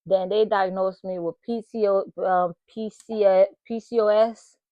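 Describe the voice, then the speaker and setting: A woman's voice: mid-range voice, fairly even intonation, unhurried, no echo, lo-fi sound. A woman hosting her own channel, sharing an emotional personal testimony and talking straight to her viewers. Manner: emotional, earnest, addresses viewers directly. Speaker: channel host.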